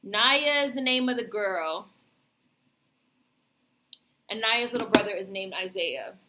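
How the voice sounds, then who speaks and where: A woman's voice: mid-range voice, expressive, slow pace, very noisy. A woman vlogger giving a casual, rambling film review, heavy on fillers and swearing.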